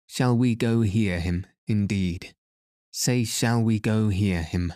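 A greedy, foolish older townsman, full of bluster and boasting, read by a male storyteller. His voice is very low and slow, recorded dry and close. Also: mellow, no room sound.

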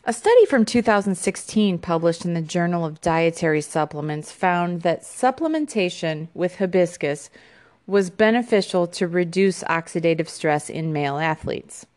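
A woman with a somewhat low voice hosts an informational podcast. She reads her segment from notes, with small fillers and restarts along the way. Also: expressive, normal speed, darkish tone. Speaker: podcast host.

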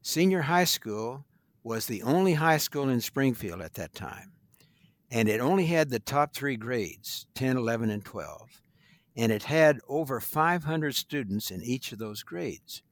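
An older man from Missouri, a guest attorney, telling stories in a folksy, unhurried way in an interview. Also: medium pitch, animated, dry recording. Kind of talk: storytelling in an interview.

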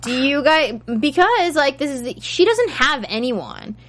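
A woman's voice: sits high, very animated, a little slow, a bit bright. A woman leading a casual group chat recapping a TV episode, asking the others questions. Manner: leads the discussion, asks the group questions. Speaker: podcast host.

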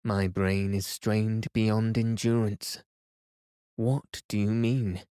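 A desperate young explorer fires off alarmed questions, as a bedtime reader puts him on. The voice stays fairly low and the delivery slow. The sound is dry and close. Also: male voice, flat delivery, warm tone, clear, resonant tone, no echo.

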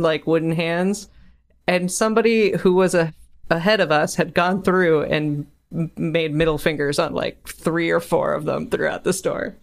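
A man co-hosting a podcast in casual chat, telling animated stories and giggling often. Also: high voice, vocal fry, clean tone. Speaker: podcast co-host.

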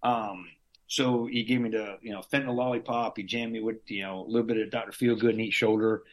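A man's voice: on the low side, fairly even intonation, quick pace. A man who is an army veteran, casually telling his story as a guest in an easygoing, slangy way, with the odd curse and chuckle. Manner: laid-back, slangy, drops in curses and chuckles.

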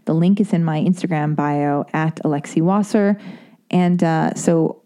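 A woman hosting a podcast, rambling in a chatty, self-deprecating way and acting out quotes in a squeaky voice. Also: steady tone, unhurried, mellow. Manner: acts out quotes in a high squeaky voice. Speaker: podcast host. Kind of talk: casual monologue.

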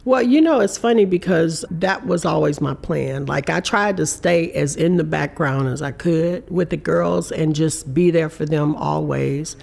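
Earnest woman in her fifties, gravelly edge. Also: deep voice, a little slow, hardly any pauses. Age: 50s. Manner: warm, earnest storytelling with reported speech. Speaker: interview guest. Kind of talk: candid conversational interview.

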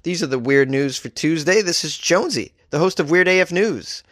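A man's voice: a little high, fairly quick, fairly bright tone, no echo, studio quality. A man hosting a comedic news podcast, joking and laughing at his own gags as he reads out the stories.

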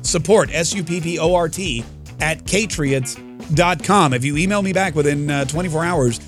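A man's voice: fairly high pitch, normal speed, soft background music. Brash rambling talk show host man. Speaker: podcast host. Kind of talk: political talk and giveaway segment.

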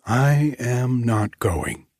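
A man voicing a seventeen-year-old girl in an audiobook, speaking in a breathy, wistful but firmly insistent way. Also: lowish voice, expressive, slow, no room sound, clean studio sound, heavily acted. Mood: stern. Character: young girl of seventeen, earnest and determined. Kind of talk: audiobook reading.

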